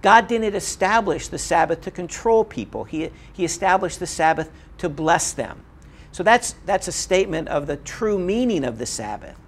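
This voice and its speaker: A man delivers a Bible lecture in an earnest, emphatic way, circling back to repeat his key points. His voice sits a little higher than most men's. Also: lively intonation, moderate pace, slight background noise. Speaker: Bible teacher. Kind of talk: recorded lecture.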